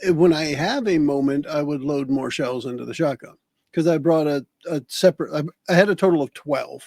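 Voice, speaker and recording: A man's voice: a little high, a little fast, a little mellow, no room sound. A man playing in a tabletop game, chatting casually and laughing easily as he explains his moves. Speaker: player.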